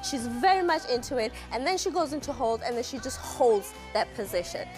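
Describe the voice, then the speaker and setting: A woman's voice: sits high, expressive, brisk, music in the background. A woman dance professional explaining technique on a TV show, enthusiastic and fond of demonstrating. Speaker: dance pro analysing a show. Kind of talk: animated TV studio analysis.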